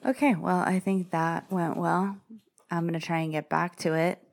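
Lowish voiced woman in her 40s, casual podcast chat, jokey and self-deprecating. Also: steady tone, moderate pace, creaky. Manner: chatty, self-mocking, laughs often. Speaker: podcast host. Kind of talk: casual solo podcast talk.

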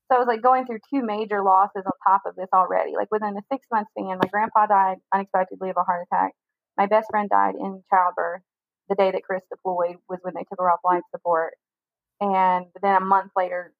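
Here a young woman recounts something from her own life as a guest in an interview, meandering and frank, saying "like" over and over. Her medium-pitched voice has a creaky quality. There's no room sound at all, just a dry, phone-like narrow recording.

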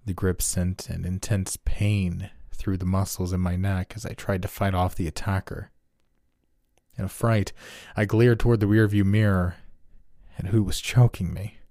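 A male horror narrator with a very low, dark, mellow voice, telling a first-person tale in a steady, measured way. The sound is close and dry, with no room echo.

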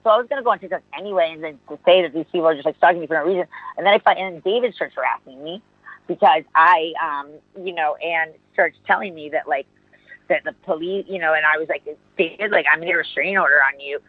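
A woman's voice: deep voice, fast, no room sound. A woman hosting a call-in radio show, telling a story in a rambling, agitated way with lots of swearing, fillers and restarts. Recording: tinny phone-line sound.

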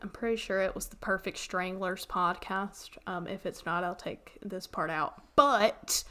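A woman with a Southern US accent co-hosts a podcast in easy, casual chat. Her voice is bright and sits a little high. She is animated, laughs often and tosses in asides as she tells a story. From Western North Carolina. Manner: animated, laughs often, reads old text aloud with asides. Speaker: podcast co-host.

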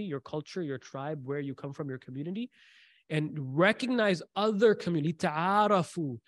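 A slightly high-voiced man leads a Quranic commentary class. He preaches in a lively, conversational way and slips into quick Arabic recitation. The sound is close and dry. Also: dry recording. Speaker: religious teacher.

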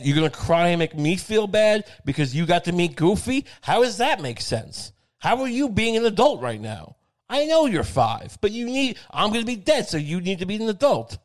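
A man's voice: medium pitch, normal speed, lightly acted. A man doing a furious dying dad scolding his kid. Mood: indignant. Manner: loud, indignant, profane scolding. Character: angry dying father scolding his young son.

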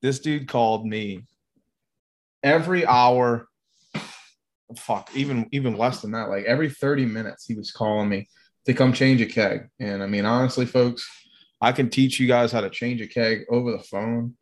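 A man with a middle-pitched voice spins a rowdy anecdote in loose, casual chat. He swears freely and throws himself into the telling, jumping into higher, frantic voices when he acts out other people. The delivery is loose and conversational. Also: normal speed. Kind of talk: casual profane storytelling.

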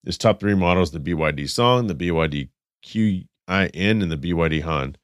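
A man's voice: low-pitched, lively intonation, moderate pace, no room sound, clean studio sound. A man hosting a casual car podcast, stuffed up with a cold, reading car news and riffing with restarts. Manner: rambling, self-correcting, reading stats then riffing. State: stuffed up, congested. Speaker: podcast host.

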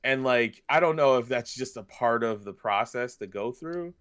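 A man's voice: medium pitch, normal speed. A man co-hosting a podcast, chatting casually and telling stories with lots of fillers. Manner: rambling, animated storyteller with many fillers. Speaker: podcast co-host. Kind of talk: casual chat.

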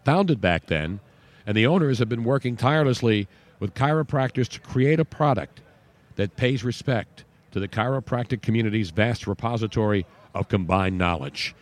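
A man's voice: fairly low pitch, lively intonation, moderate pace. A man hosting a talk radio show, chatting loosely and reading a live ad. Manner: chatty, rambling.

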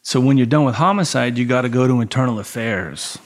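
A man's voice: mid-range voice, a little fast. A man telling a story as a podcast guest, casual and profane, acting out the voices of the people in it. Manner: profane, animated, acts out the voices in his stories.

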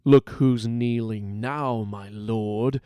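A sly, menacing rebel mage leader who lingers over each word, as a man puts him on in a story reading. His voice stays smooth and clean, recorded close and dry. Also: fairly low pitch, fairly even intonation, very slow, mellow, no echo. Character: cruel charismatic male rebel mage leader.

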